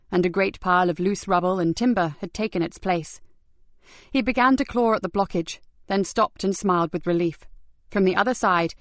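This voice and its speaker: Steady woman narrating a crime novel. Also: medium pitch, dry recording. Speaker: audiobook narrator.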